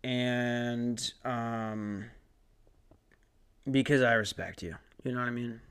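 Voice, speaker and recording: A young podcast host rambles alone through a story, swearing plenty and making jokes at his own expense. His smooth, resonant voice sits mid-pitch with a fairly bright tone, and he speaks slowly with fairly even intonation. He sounds worn out from lack of sleep.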